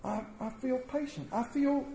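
High-voiced preacher man, roomy church. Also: measured pace, a little hiss or hum. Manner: swings between loud emphatic bursts and quiet, soft-spoken asides. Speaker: pastor. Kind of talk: sermon. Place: church sanctuary with congregation.

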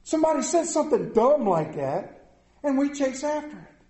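A man's voice: extremely high pitch, sing-song, normal speed, warm tone, roomy sound. A man preaching a sermon as pastor, folksy and conversational, asking his congregation rhetorical questions.

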